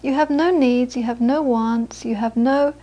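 A woman's voice: fairly high pitch, fairly even intonation, a little slow, mellow, muffled recording. A woman giving a Buddhist dharma talk to a small audience, telling anecdotes and often repeating words as she searches for phrasing. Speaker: Buddhist teacher.

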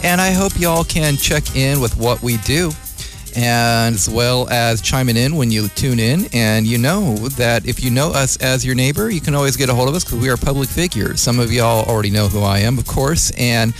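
A man's voice: mid-range voice, normal speed, faint music behind. A man hosting community radio in a casual, rambling, joking monologue, from the North Bay of California. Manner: rambling, joking, mocking voices of others.

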